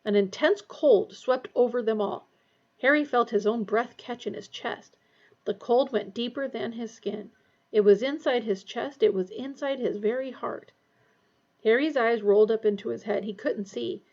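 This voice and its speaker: Lo-fi woman reading a story aloud. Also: moderate pace. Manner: lively character voices, raised pitch for dialogue. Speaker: audiobook reader. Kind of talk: reading a novel aloud, voicing characters. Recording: dull lo-fi recording.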